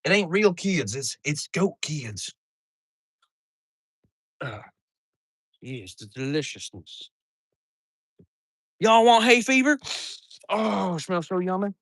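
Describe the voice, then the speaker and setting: Studio-quality audio with no room sound captures a slightly high, fairly bright male voice. He's a farmer who hosts a livestream, doing outdoor chores while he jokes, rambles and curses casually.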